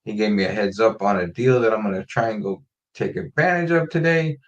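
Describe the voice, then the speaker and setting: A man hosting a casual livestream chat, reading out viewer names and greetings in a relaxed, rambling way from a home setup on a desk mic. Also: on the low side, brisk, muffled recording. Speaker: host.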